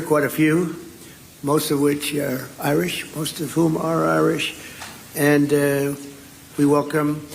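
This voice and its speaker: At an indoor luncheon, a man with a fairly high voice rambles through a speech at the podium mic, tossing in ad-libs and asides between the prepared parts. There's a bit of hiss or hum on the recording.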